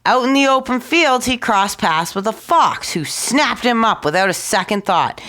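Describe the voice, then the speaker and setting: Expressive woman reading a fairy tale. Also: fairly high pitch, moderate pace, few pauses. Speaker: storyteller.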